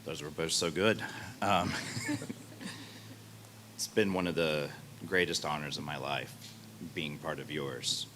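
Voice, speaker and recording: A man with an extremely deep voice speaks haltingly, pausing and saying um as he fights back tears. Clear background noise sits behind him. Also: fairly bright tone. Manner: halting, with ums and pauses. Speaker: mentor giving a blessing. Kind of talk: off-the-cuff speech.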